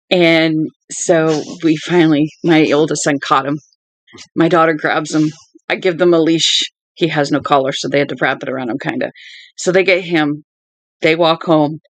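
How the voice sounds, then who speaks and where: Tired 40s woman streamer, gravelly voice, dry close sound, rambling chatty delivery. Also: low-pitched, normal speed, dry recording, low-quality recording. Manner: chatty storyteller who drifts off topic. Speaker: book-reading livestream host. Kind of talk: rambling casual chat. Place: at home with dogs.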